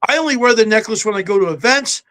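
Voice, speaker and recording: An older man, a podcast guest, telling stories in a brisk, self-assured way. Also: high voice, animated, bright, forceful tone. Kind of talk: casual podcast chat. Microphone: home setup with a backdrop.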